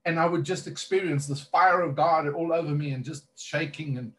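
A man's voice: fairly high pitch, moderate pace. A man who is a minister, earnestly telling a personal testimony in conversation, rambling with many fillers and restarts.

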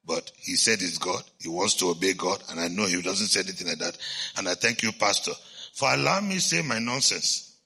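A man voicing his wife, a humble, hesitant woman asked to preach, speaking haltingly and softly. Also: low voice, lively intonation, vocal fry, husky, pitched below the performer's own voice, full character voice. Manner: halting, self-deprecating, soft.

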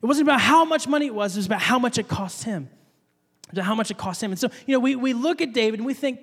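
A man's voice: very high-pitched, animated, fast talker, in a large hall. A man giving a casual, conversational sermon, often repeating words and acting out the people in his story. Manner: conversational, repeats words, acts out quoted voices. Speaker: preacher.

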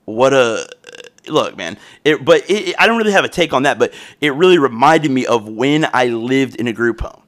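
A man's voice: medium pitch, lively intonation, moderate pace, fairly bright tone. A young man hosting a podcast, telling a story in a loose, profane, rambling way with frequent restarts. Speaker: podcast host.

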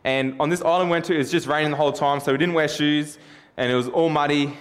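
A man's voice: a little high, steady tone, fast talker. A man preaching a sermon through a self-deprecating personal story, chatty and joking.

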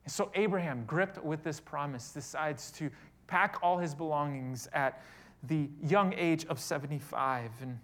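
A man preaching a sermon, retelling a story with dramatic shifts between loud and soft delivery. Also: a little high, unhurried. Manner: dramatic storytelling, voicing quoted speech, big swings in loudness. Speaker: pastor.

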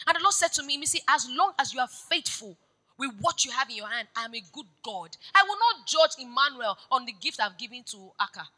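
A woman pastor preaching a sermon. She moves between hushed storytelling and loud, urgent exhortation. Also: high-pitched, low-quality recording.

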